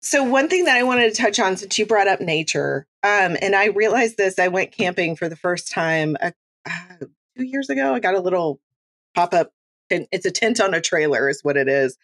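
A middle-aged woman, a grief educator and coach, talking in an animated, chatty way with self-deprecating humor as an interview guest. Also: lowish voice, normal speed, no echo. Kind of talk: conversational interview talk.

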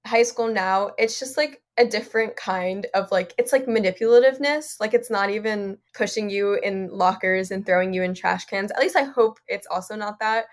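A woman's voice: medium pitch, normal speed, few pauses. A young adult woman, a podcast guest, talking in an earnest, rambling way with frequent "like" and "you know". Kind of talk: casual interview chat.

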